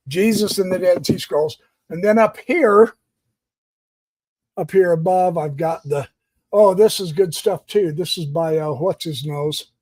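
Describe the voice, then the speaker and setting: A man with a high-pitched voice, excitedly walks through his home library on a casual live stream. He rambles from one book to the next with plenty of enthusiasm. The sound is dry and close, with no room echo. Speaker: host.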